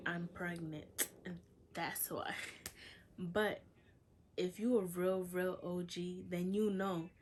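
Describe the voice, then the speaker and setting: A woman's voice: fairly low pitch, slight background noise. Chatty young woman telling a story. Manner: chatty, lots of "like", quotes others in dialogue. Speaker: vlogger. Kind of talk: casual storytelling.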